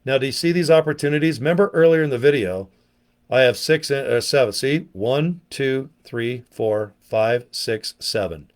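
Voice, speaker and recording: A middle-aged man giving a casual, pushy sales pitch to camera outdoors, talking folksy and checking in with "okay?" and "guys". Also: moderate pace. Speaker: online business vlogger. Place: outdoors, windy.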